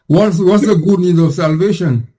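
A man with a slightly high voice answers in a Bible study discussion. He opens by questioning the premise, then works through his points one by one. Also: normal speed, dark tone, husky, low-quality recording.

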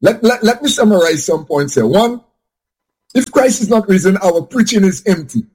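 Husky man explaining scripture haltingly. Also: high voice, animated, a little mellow. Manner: hesitant, repeats words while searching for phrasing. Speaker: Bible discussion panelist. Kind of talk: casual Bible study discussion.

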